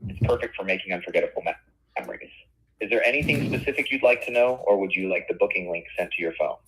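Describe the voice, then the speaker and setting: An upbeat, polished synthetic man's voice answers as a customer service agent. He talks fast and keeps his tone smooth and even. The sound comes through a thin phone line. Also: low-pitched, slight background noise. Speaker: AI voice agent for a tour company.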